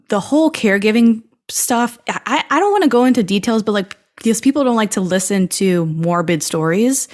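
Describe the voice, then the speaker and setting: A woman hosting a podcast, chatting freely with lots of "like" fillers and acting out her own inner thoughts as quotes. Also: fairly low pitch. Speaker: podcast host. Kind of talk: casual podcast chat.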